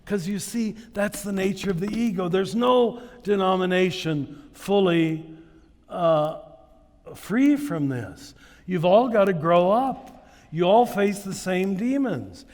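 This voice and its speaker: A man giving a spiritual conference talk to a live audience. He tells stories at an unhurried pace and chuckles at his own anecdotes. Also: high voice, a little mellow, long reverb tail. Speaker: conference speaker. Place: large hall with a live audience.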